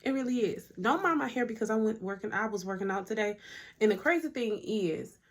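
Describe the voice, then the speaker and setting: A woman's voice: on the high side, lively intonation, fairly quick. A young woman sharing a heartfelt faith testimony to her phone camera at home, chatty, speaking to viewers as y'all and sometimes near tears. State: emotional, near tears at times. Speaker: vlogger.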